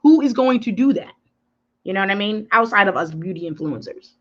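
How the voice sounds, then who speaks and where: A woman's voice: medium pitch, fairly quick. A woman hosting a live makeup tutorial, chatting emphatically with her viewers and answering their comments. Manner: animated, emphatic. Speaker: beauty influencer. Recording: dull lo-fi livestream audio.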